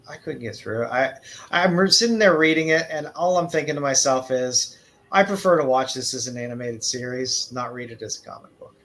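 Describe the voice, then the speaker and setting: A man's voice: mid-range voice, lively intonation, fairly quick, a bit bright, low-quality recording. Stammering male podcast co-host. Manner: hesitant, stammering. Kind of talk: casual chat.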